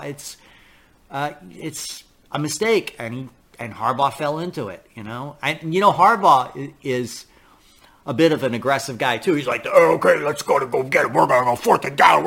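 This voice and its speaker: A New York–area podcast host with a slightly high, fairly bright voice delivers a casual, rambling monologue. He keeps restarting sentences, repeats himself, and acts out quoted voices.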